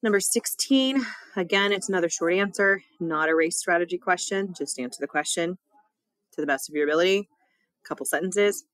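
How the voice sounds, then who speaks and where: A woman's voice: fairly low pitch, a little fast, no room sound. A woman teacher reading a test and a poem aloud for her students, in a casual, chatty way with small laughs.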